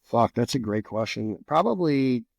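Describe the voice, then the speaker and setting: A man's voice: medium pitch, moderate pace, gravelly, no room sound. Profane man telling war stories. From New Jersey, USA. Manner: profane, animated, repeats words. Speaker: guest, Green Beret veteran. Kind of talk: casual storytelling.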